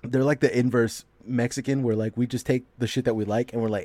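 A man's voice: mid-range voice, fairly even intonation, fast, dark tone, no room sound. A man chatting casually with friends, rambling with lots of fillers and frequent laughter. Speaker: podcast co-host. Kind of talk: casual group chat.

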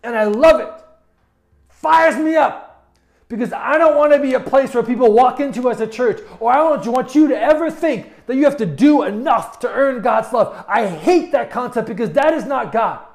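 High-voiced man preaching a sermon. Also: lively intonation, normal speed, creaky. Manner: passionate preaching with stammered restarts. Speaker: pastor.

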